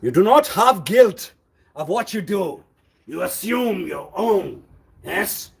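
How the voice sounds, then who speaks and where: Husky guy on a livestream, high voice, keeps demanding answers over and over. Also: very animated, slow pace. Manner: accusing, demanding questions; repetitive, insistent. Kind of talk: live-stream monologue.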